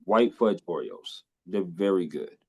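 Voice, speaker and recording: A man hosting a casual podcast interview. His voice swings widely in pitch as he jokes and reacts. He drops folksy exclamations and teases his guest. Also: a little slow, husky. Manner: playful, expressive, folksy exclamations. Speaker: podcast host.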